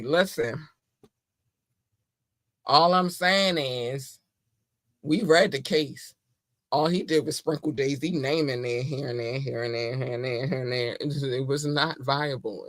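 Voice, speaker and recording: A woman's voice: very deep voice, no room sound. Woman, podcast host, casual monologue, playful and gushing, dry close sound. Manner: effusive and playful, laughs often.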